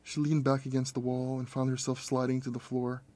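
A man reading a horror story aloud as narrator, in a steady, measured storytelling manner. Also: medium pitch. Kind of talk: scripted audiobook narration.

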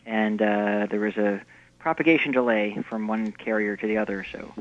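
A man calling in to a radio show as a guest, calmly explaining a technical problem in plain terms. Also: lowish voice, normal speed, muffled recording. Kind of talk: casual explanation.

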